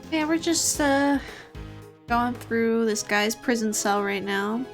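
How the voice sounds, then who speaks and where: A woman's voice: fairly high pitch, takes it slowly. A woman streaming a game casually, chatting with viewers and laughing often. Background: game music.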